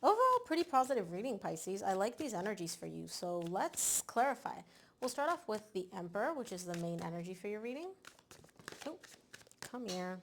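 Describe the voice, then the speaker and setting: Woman tarot reader, casual to camera, emphatic and animated, medium voice. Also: mid-range voice, brisk, slight background noise. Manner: animated, emphatic, repeats words for stress.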